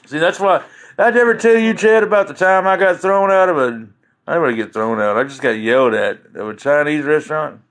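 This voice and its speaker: Male live streamer, loose jokey chat, lots of laughter, slightly high pitch. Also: brisk, fairly bright tone. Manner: rambling and jokey, laughing often.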